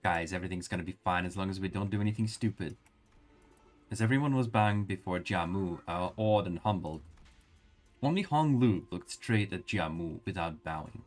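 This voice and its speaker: A man's voice: low voice, moderate pace, faint music behind. A man streaming, reading a game story aloud and adding casual, joking asides. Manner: casual, joking asides between read lines.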